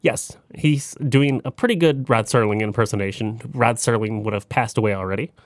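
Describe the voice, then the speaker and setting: A man's voice: on the low side, a little fast, dry recording, studio quality. A man co-hosting a podcast in a casual, easygoing way, adding trivia and references. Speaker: podcast co-host. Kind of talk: casual chat.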